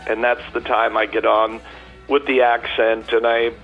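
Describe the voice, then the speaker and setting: A man's voice: medium pitch, little pitch movement, moderate pace, muffled recording, faint music behind. A man guest on a radio interview, a chatty storyteller with many fillers and restarts. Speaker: tribute performer guest.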